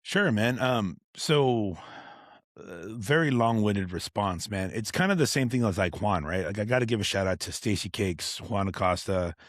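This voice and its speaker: Lowish and expressive at normal speed, this tattoo artist's voice comes through clean studio sound on a dry recording. Guesting on a podcast, he tells long, rambling, profane stories packed with fillers and restarts in casual conversation.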